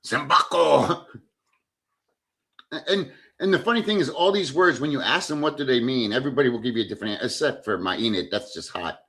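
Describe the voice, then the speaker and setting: A man hosting a casual livestream, telling stories in an animated way, reading chat comments aloud and swearing freely. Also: medium pitch, quick pace, few pauses. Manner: animated storyteller who reads chat aloud. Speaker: livestream host. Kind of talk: casual live-stream chat.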